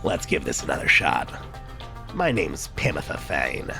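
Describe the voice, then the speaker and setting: A gruff harpy woman murmurs in a deep, gravelly growl, as a man puts her on for a video game. She speaks slowly and evenly, with a sly, conspiratorial calm. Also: over music, exaggerated voice. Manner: low, gravelly, growled military-style delivery.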